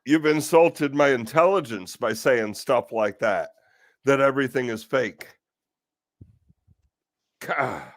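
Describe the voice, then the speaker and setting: A man's voice: mid-range voice, slow, long pauses, no room sound. A man hosting a casual talk stream, ranting in exasperation with rhetorical questions and the odd curse. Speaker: host of a live talk stream.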